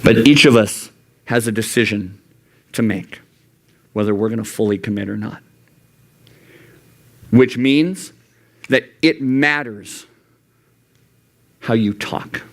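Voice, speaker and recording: Slowly and with long pauses, this young adult youth pastor delivers an earnest sermon in the church youth room. His voice often climbs high and turns animated as he quotes God and himself.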